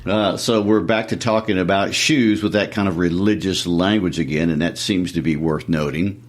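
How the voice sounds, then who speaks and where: A man co-hosting a literature podcast, chatting in a relaxed, conversational way and reading narration aloud. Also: low-pitched, normal speed. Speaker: podcast co-host.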